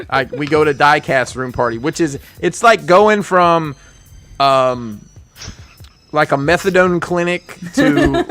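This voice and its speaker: A man's voice: a little high, fairly bright tone. A man hosting a podcast, telling a long rambling anecdote with many restarts and bursts of laughter. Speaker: podcast host. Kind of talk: casual storytelling chat.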